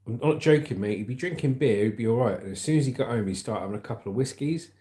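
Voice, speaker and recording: A man's voice: mid-range voice, fast talker, mellow, roomy sound. A man hosting a livestream, chatting casually and rambling as he reads the news, often calling his viewers "mate".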